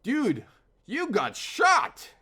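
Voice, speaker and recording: A man's voice: very high-pitched, huge pitch swings, breathy edge, pitched above the performer's own voice, exaggerated voice. A man doing a drawling prankster buddy. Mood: mock-alarmed. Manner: drawn-out, loud, mock-alarmed. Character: deadpan young male prankster friend.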